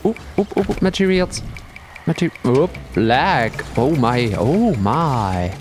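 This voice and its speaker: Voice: mid-range voice, slow, music in the background. A streamer chatting casually and playfully during a gameplay livestream. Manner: playful and animated, with silly meowing bits.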